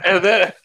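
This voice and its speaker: A man's voice: very high voice, noisy background. A man hosting a casual live stream chat, swearing freely and laughing a lot as he tells stories. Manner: profane, laughs often, animated storytelling.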